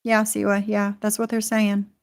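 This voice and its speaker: A woman's voice: medium pitch, monotone, normal speed, smooth. A woman hosting a livestream, reacting bluntly to clips and reading out chat comments. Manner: blunt, indignant, reads chat comments aloud. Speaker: livestream host.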